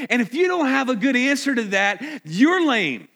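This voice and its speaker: A man preaching a sermon as pastor, emphatic and at times near shouting. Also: extremely high pitch, big pitch swings, moderate pace, few pauses. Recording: echoey hall.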